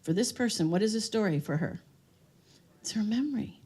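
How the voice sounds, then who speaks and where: A woman's voice: mid-range voice, lively intonation, a little fast, warm tone, breathy edge. A woman giving a live seminar talk on dementia care, telling stories and asking the room questions. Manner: storytelling, asks the audience questions. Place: room with an audience.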